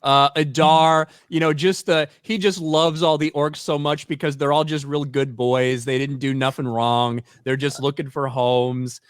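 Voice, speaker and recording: A man's voice: mid-range voice, steady tone, measured pace, hardly any pauses, clear, resonant tone, dry recording, studio quality. A man as a podcast guest in casual chat, sarcastic and sweary, often laughing.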